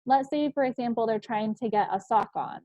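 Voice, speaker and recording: A woman psychologist giving a parenting presentation, explaining in a calm, measured way with an occasional "um". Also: a little high, no room sound. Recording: slightly dull, muffled recording.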